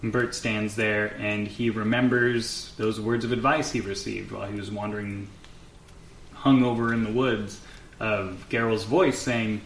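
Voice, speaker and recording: A man's voice: on the low side, steady tone, unhurried. A man narrating as game master in a casual, loose way with plenty of fillers. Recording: echoey room with faint noise.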